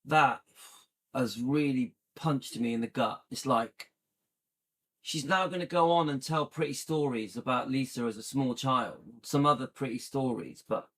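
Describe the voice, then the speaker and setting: A man's voice: mid-range voice, unhurried, fairly bright tone, husky. A man hosting a commentary channel, reacting indignantly and firing repeated rhetorical questions.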